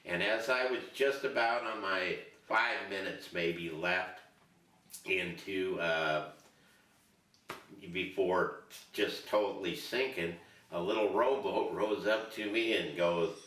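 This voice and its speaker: A man's voice: sits low, unhurried, a bit bright. An older man telling a rambling, self-mocking story in a casual interview. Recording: roomy echo, distant mic.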